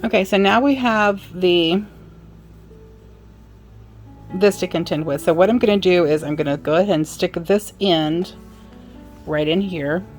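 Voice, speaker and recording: Woman, low register, casual hands-on sewing tutor with chatty asides; light music underneath. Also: darkish tone. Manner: chatty, apologetic asides, talks while working. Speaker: sewing instructor. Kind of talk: casual how-to demonstration.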